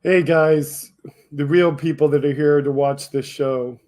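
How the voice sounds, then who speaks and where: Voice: medium pitch, steady tone, a little slow, darkish tone. Casual livestream host mocking chat. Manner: mocking, talks straight back to chat commenters; laughs often and hard.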